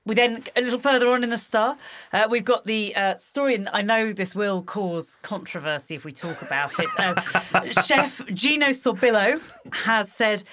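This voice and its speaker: A woman's voice: medium pitch, moderate pace, a bit bright, slight background noise. A woman co-hosting a casual newspaper review chat, amused and chatty. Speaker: podcast co-host.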